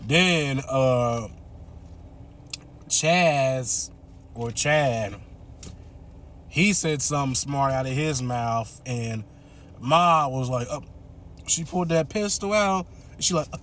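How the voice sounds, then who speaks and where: A man casually recapping a movie plot, chatty and quick to laugh. His voice is mid-pitched and easygoing. A faint hiss runs underneath. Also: a bit bright. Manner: chatty, laughs often, acts out the characters' lines. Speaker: movie reviewer.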